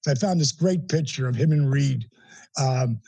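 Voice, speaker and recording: A middle-aged man, an interview guest, telling a personal story in an animated, emphatic way with blunt language. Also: mid-range voice, normal speed, vocal fry, slightly rough, no echo, rough recording.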